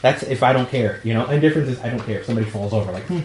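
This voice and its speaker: A priest with a New York accent giving a talk to young adults, telling jokey stories and acting out quotes. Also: male voice, mid-range voice, rapid-fire, reverberant, a little hiss or hum. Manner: storytelling, jokey, acts out quotes. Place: meeting room.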